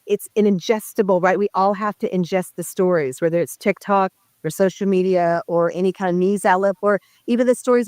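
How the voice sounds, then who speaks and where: Actress, woman, mid pitch, earnest and reflective, dry close sound. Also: darkish tone, no room sound. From Indigenous community in North America. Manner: earnest, reflective, searching for words. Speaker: actress interviewed. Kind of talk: press interview.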